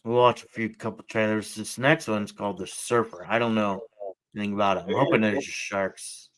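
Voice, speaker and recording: A man hosts a relaxed podcast and reacts to movie trailers in a loose, rambling manner, often trailing off. His voice sits low. The sound is close and dry. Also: normal speed, no room sound. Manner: laid-back, rambling, trails off. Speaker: podcast host. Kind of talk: casual chat reacting to trailers.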